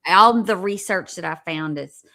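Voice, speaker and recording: A woman's voice: on the low side, normal speed, vocal fry, sharp tone. A woman co-hosting a casual livestream, speaking in a matter-of-fact, slightly hesitant way. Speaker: livestream co-host. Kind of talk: casual livestream chat commentary.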